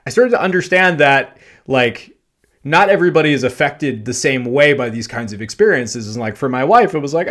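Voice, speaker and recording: A man hosting a podcast, telling a personal anecdote in a loose, animated way, full of fillers and self-deprecating laughter. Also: medium pitch, normal speed. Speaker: podcast host. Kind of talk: storytelling monologue.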